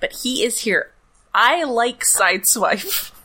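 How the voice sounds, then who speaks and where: A woman's voice: fairly high pitch, lively intonation, slow, pushed and bright. A woman co-hosting a casual podcast, chiming in with enthusiastic fan remarks. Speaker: podcast co-host. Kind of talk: casual episode discussion.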